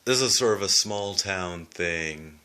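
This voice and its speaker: A man's voice: low-pitched, slow pace, sharp tone, clean tone. A man with a southwestern Ontario Canadian accent, hosting a loose, rambling video lesson that demonstrates how words are pronounced. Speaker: video host explaining accents. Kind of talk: casual spoken explainer.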